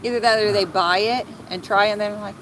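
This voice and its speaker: A woman's voice: mid-range voice, fairly even intonation, fairly quick, poor audio. A woman chimes in on a live fishing stream outdoors at night, teasing her husband with dry remarks. Faint outdoor noise runs behind her casual voice. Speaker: host's wife, co-angler. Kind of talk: casual banter.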